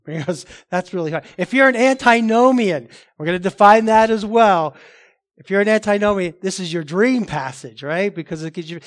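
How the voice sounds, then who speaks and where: A male pastor preaching a sermon, addressing the congregation with rhetorical questions and sudden loud emphatic rises. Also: high voice.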